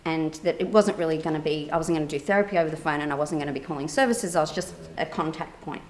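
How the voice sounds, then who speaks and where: A woman therapist giving a conference keynote, telling a personal story in a lively way, acting out quoted dialogue with many fillers. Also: low voice, fast talker, a little hiss or hum.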